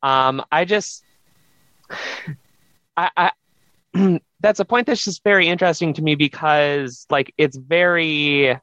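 A man's voice: on the high side, slow pace, long pauses, a bit bright, no room sound. A man calling in to a podcast, talking casually with many hesitations and restarts. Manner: hesitant, lots of fillers and restarts. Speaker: caller. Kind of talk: casual call-in chat. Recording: dull lo-fi dry line.

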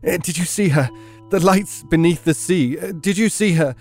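A man's voice: sits high, normal speed, darkish tone, soft background music, pitched above the performer's own voice. A man voicing a delirious seventeen-year-old boy who gasps and mutters the same words over and over. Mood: dazed. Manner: gasping, repeating himself in a dreamy mutter.

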